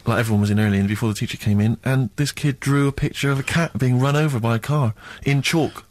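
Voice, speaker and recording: A man's voice: medium pitch, fast talker, a little mellow. A man co-hosting a radio chat show, telling school stories in a reflective, wry way. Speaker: radio co-host. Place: radio studio.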